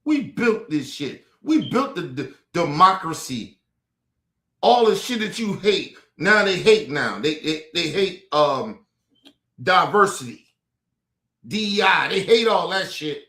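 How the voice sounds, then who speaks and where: A man in the middle of a heated, profane political rant, circling back to the same points again and again. His voice sits high and leaps around in pitch, and the sound rings in an echoey room. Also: big pitch swings, slow, sharp tone. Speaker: political commentary streamer. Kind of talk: ranting commentary. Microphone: streaming mic.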